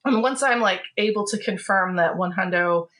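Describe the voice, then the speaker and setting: A woman's voice: mid-range voice, moderate pace, a bit bright. A woman playing a tabletop role-playing game, telling her turn in a giggly, rambling way full of fillers. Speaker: player. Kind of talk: casual tabletop role-play.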